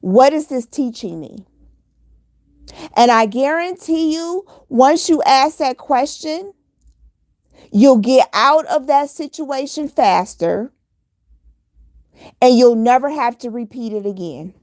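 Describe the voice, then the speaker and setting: A woman with a fairly high voice delivers a motivational monologue straight to her listeners. She speaks earnestly and hammers her points home by repeating them. The sound is dry and close, with no room echo. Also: lively intonation, takes it slowly, long pauses, darkish tone. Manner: earnest, repetitive, preachy exhortation. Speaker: motivational vlogger.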